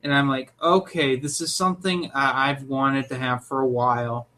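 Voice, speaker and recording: A young man co-hosting a casual podcast, talking in an animated, opinionated way. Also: mid-range voice, normal speed. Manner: animated, opinionated, jumps into loud mock voices. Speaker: podcast co-host.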